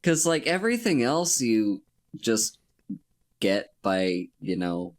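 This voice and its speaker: A man's voice: fairly low pitch, big pitch swings, slow. A man co-hosting a casual film podcast, with dry humor, thinking aloud as he talks. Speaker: podcast co-host. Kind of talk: casual comedic film discussion.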